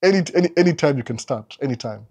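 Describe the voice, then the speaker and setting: A man answers viewers on a live stream and moves between English and Swahili within a single sentence. His voice sits at an ordinary middle pitch. He gives advice in an animated, lecturing way, full of rhetorical questions. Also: fast talker. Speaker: live Q&A host.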